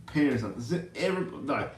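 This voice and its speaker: A man hosting a livestream and ranting about sports in casual slang. He repeats himself, swings from loud outbursts to mutters, and sounds exasperated. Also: on the high side, animated, normal speed, echoey room, a little hiss or hum. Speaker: livestream host.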